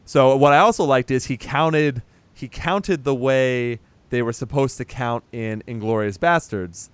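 A man's voice: medium pitch, a little slow, clear, resonant tone, no echo. A man in casual chat, recapping a movie as a podcast host, chatty and teasing, swearing now and then.

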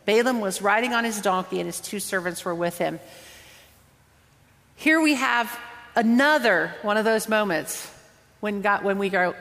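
A woman's voice: mid-range voice, lively intonation, moderate pace, pauses often, a bit bright. Woman preaching in a reverberant hall. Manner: conversational, earnest, often drawing out words for emphasis. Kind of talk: sermon.

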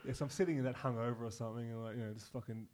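A man's voice: mid-range voice, steady tone, racing, crowd noise. A young Australian man from Newcastle, a comedian guest, telling rambling stories with plenty of swearing and laughing at himself. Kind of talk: casual podcast chat.

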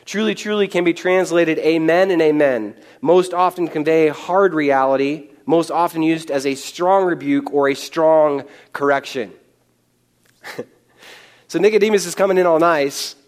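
A man preaching in a fairly high voice, teaching through a Bible passage in a loose, conversational way. He is animated and casual, tossing in quick asides and chuckles as he explains. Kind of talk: conversational sermon.

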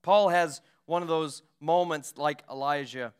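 A male pastor preaching a sermon, retelling Bible stories with lively acted-out voices. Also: fairly high pitch, unhurried, smooth. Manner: storytelling preacher acting out Bible scenes. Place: church.

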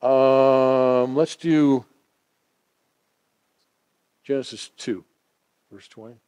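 A man preaching a sermon, swinging from emphatic declarations to hushed, intimate asides. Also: medium pitch, steady tone, very slow, clean tone.

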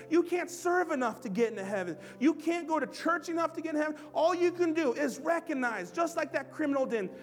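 A man preaching a sermon to his congregation in a very high voice. He hammers his points home by repeating them, and soft music plays beneath him. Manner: preaching with emphatic repetition. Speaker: pastor. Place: church service.

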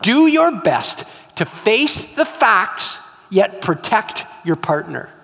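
A man's voice: high voice, big pitch swings, takes it slowly, gravelly, a bit bright. A man preaching a sermon in an earnest, storytelling way. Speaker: pastor. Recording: long hall reverb.

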